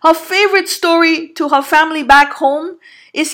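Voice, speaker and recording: A woman's voice: extremely high pitch, normal speed, a bit bright. A woman telling a personal story in an earnest, emphatic monologue, sometimes restarting her sentences. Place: Canada.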